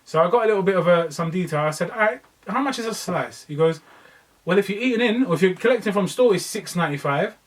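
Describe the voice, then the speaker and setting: A man's voice: sits high, animated, quick pace, distant mic, low-quality recording. Slangy man telling a story. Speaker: podcast co-host. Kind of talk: casual chat.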